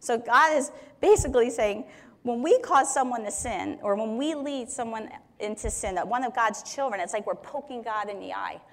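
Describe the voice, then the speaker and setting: A woman's voice: fairly high pitch, normal speed. A woman teaching on Scripture in a conversational way, explaining verses with everyday examples. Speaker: Bible teacher. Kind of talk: Bible teaching talk.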